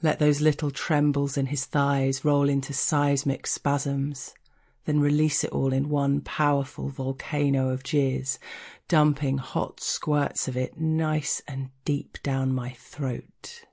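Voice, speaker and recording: Low-voiced woman narrating an erotic story. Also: flat delivery, gravelly, dark tone, husky. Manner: slow, deliberate, teasing, dropping at times to a whisper.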